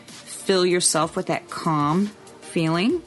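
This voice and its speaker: Low-voiced woman podcast co-host. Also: takes it slowly, soft background music. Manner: earnest and explanatory, with frank asides. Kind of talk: casual chat.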